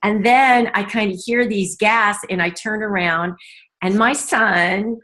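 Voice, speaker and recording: A middle-aged woman telling a heartfelt personal story as an interview guest, earnest and halting at times. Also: medium pitch, steady tone, pushed and bright. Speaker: guest, business leader.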